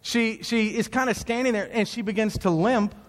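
A man preaches to his audience in a lively storytelling manner, his voice sitting fairly high for a man. He drops low and hushed, then climbs to excited peaks. A long hall reverb trails every phrase. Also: moderate pace. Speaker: speaker telling a story to an audience.

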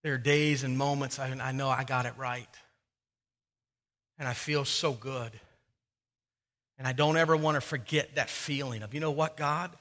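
Bright-voiced preacher in a reverberant hall. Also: male voice, medium pitch, normal speed, long pauses. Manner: emphatic, repeats words when excited. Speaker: pastor. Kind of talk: sermon.

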